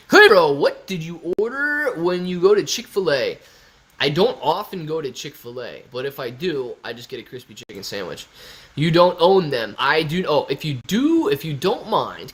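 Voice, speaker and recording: A man's voice: on the high side, a bit bright. Casual man answering livestream chat. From Ohio. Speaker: stock livestream host.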